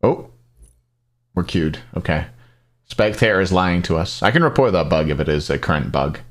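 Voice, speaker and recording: A man's voice: low-pitched, lively intonation, normal speed. A man casting an esports match on a live stream, rambling between plays and answering chat questions aloud. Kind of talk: casual live-stream commentary.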